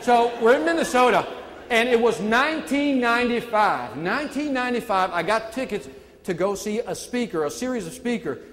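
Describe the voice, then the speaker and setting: A man's voice: very high voice, moderate pace. A man in his forties from Chicago, whose first language is not English, giving a live motivational speech with energy and quizzing his listeners as he talks. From Chicago, USA. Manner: energetic, quizzing the room, call-and-response. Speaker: motivational speaker. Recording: echoey hall with long reverb.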